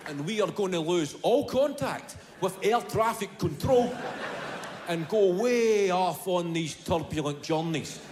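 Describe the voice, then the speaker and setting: A Scottish man in his thirties delivering stand-up, with a high-pitched voice and a faint hiss behind him. He tells his story in an animated, profane way. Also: a little slow. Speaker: stand-up comedian. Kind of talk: stand-up comedy.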